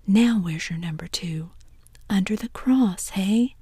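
A woman's voice: mid-range voice, slow, dark tone, slightly rough, no room sound. Tom Sawyer, a woman whispering as an eager bold boy, whispered role-play. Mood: urgent. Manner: eager, bossy whisper, folksy talk. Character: bold adventurous boy, bossy and excited.

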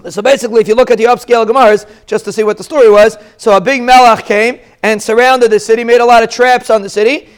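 A man giving a lively Torah lesson, telling stories and jumping up in pitch for emphasis. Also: fast, few pauses, clean tone. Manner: animated, storytelling, pitch jumps up for emphasis. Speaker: Torah teacher giving a daf shiur. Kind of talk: lively Torah lecture with Yiddish and Hebrew terms.

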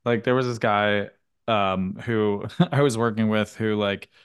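Low-voiced man telling animated stories. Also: measured pace, clean tone. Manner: animated storytelling with acted-out quotes and casual swearing. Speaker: podcast host. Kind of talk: casual chat.

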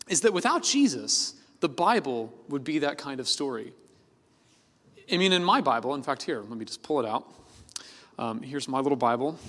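A man's voice: fairly high pitch, fairly bright tone. A male pastor giving a sermon in a conversational, playful way, with plenty of fillers. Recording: long reverb of a big hall.

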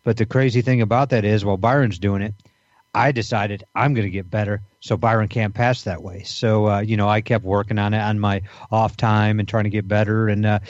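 A man talks on a podcast in a loose, rambling way, full of ums and restarts. His voice sits low, and the sound is dry and a little dull, like a modest home setup. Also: steady tone, brisk, dry recording. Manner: rambling, many fillers and restarts. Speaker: podcast co-host. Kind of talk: casual podcast banter.

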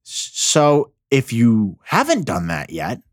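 A man's voice: mid-range voice, wildly swooping pitch, slow pace, no echo, clean studio sound. A man hosting a casual solo podcast, ranting about the news with heavy profanity and rambling restarts. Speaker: podcast host.

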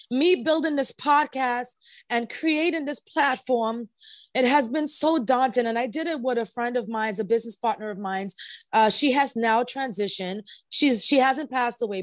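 A woman's voice: on the high side, no room sound. A woman hosting a podcast in casual chat, effusive and openly emotional, repeating words for emphasis. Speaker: podcast host.

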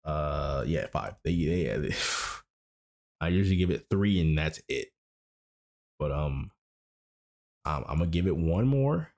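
Man, very low voice, casual anime recap, rambling, self-correcting. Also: expressive, slow, long pauses, darkish tone. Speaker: anime podcast host.

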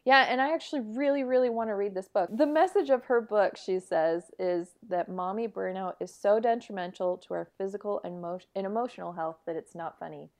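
A woman's voice: medium pitch, a little fast, hardly any pauses. Chatty young woman co-hosting a podcast. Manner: chatty, agreeable, many fillers like "like". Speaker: podcast co-host. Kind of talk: casual podcast chat.

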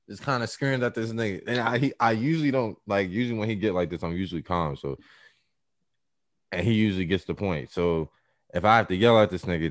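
Deep, profane young man telling a story. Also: no room sound, studio quality. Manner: profane, slangy, animated retelling. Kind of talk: casual storytelling.

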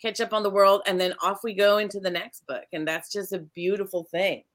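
A woman host chats with guests, enthusiastic and quick to affirm them. Her voice is bright and forward at a middle pitch. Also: steady tone. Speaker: podcast host, writer. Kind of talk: casual chat.

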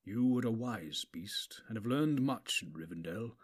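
A commanding old wizard, as a male narrator puts him on. He speaks slowly and with weight. It is a storybook reading. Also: mid-range voice, fairly bright tone, natural voice. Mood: grave. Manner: slow, weighty, deliberate. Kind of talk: audiobook character voice.

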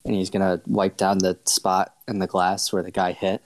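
Halting man describing his character. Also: deep voice, monotone. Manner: halting, with many fillers. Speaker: player. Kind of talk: playing a tabletop game.

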